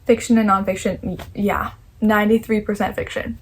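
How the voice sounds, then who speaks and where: A woman's voice: mid-range voice, flat delivery, brisk, a little hiss or hum, poor audio. A young woman vlogging casually at home about the books she read, chatty and enthusiastic, thinking aloud as she goes. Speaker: book vlogger. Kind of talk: casual chat.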